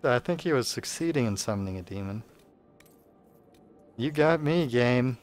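A man's voice: mid-range voice, lively intonation, moderate pace, faint music behind. A man giving casual, sarcastic, rambling commentary while playing a video game. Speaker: let's play host.

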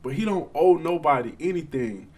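A man's voice: a little high, expressive, normal speed, darkish tone. A man hosting casual boxing commentary, talking straight to his viewers with emphasis.

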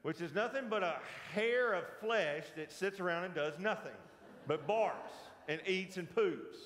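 A man's voice: sits high, measured pace, fairly bright tone. Man, Southern US accent, Bible teacher, folksy and joking, asks the class questions, echoey church hall. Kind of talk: casual church Bible lesson.

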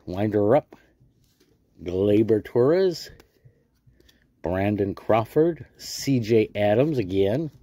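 With a fairly low, dark voice on a dry recording, this middle-aged man from the United States runs a card-collecting YouTube channel. He jokes around and repeats his words as he cracks open packs in a laid-back commentary.

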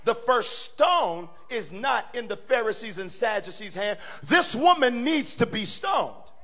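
A male pastor preaching a sermon in a church, animated and swinging from quiet talk to shouting. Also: extremely high pitch, unhurried. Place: church sanctuary.

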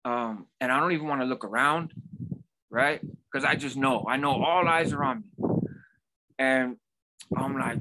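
A man's voice: mid-range voice, moderate pace, pauses often, pushed and bright. A man in his forties hosting a vlog, telling a personal story in a casual, conversational way with frequent asides. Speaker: vlog host.

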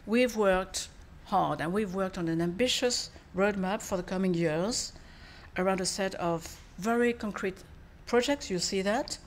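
Speaking at medium pitch, a female foreign minister with French as her mother tongue and a French accent delivers a formal speech, then takes questions. She sounds measured, punctuated by frequent pauses and fillers.

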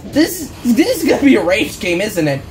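Exasperated woman gamer, lively pitch. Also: moderate pace, a little hiss or hum. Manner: exasperated, frequent groans and "bruh". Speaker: gaming channel host. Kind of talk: horror game commentary. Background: game music and barking dogs.

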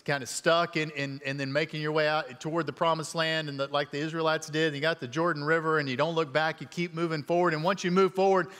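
Folksy middle-aged guest preacher, reverberant hall. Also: male voice, fairly high pitch, a bit bright. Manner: conversational, with many fillers and folksy asides. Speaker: guest speaker. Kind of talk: storytelling sermon. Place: church sanctuary.

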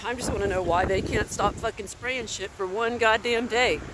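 A woman's voice: medium pitch, normal speed. An older woman in a furious, profane outdoor rant, walking through a windstorm and filming the sky on her phone. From Oregon, USA. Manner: furious, profane, shouting at viewers. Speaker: vlogger. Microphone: handheld phone filming the sky. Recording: loud wind buffeting the phone mic.

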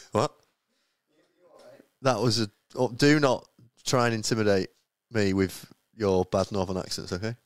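A man's voice: fairly low pitch, steady tone, unhurried, pauses often, clean tone, dry recording. A young man hosting a live tournament stream, joking around and laughing easily. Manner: jokey, self-deprecating, laughs easily. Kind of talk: casual live-stream commentary.

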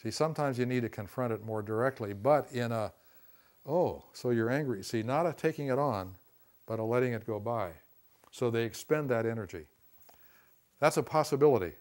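A man teaching a class on communication, folksy and conversational, often saying "see" and "you know" and acting out quick quotes. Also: medium pitch, darkish tone. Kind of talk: classroom lecture.

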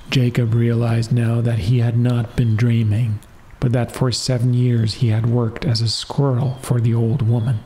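A man calmly reading a fairy tale as a soft-spoken bedtime story. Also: medium pitch.

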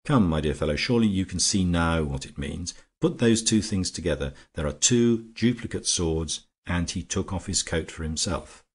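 Grave gentleman sleuth read by a man, low, husky, measured storybook voice. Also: animated. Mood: calm, grave. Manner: measured, composed, explanatory. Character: grave, calm English gentleman detective.

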